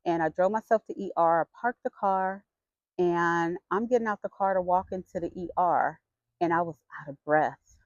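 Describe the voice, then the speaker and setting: A middle-aged woman vlogger telling a personal story in a frank, chatty and expressive way. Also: on the low side, moderate pace, no echo. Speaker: vlogger sharing her health story. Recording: dull lo-fi sound.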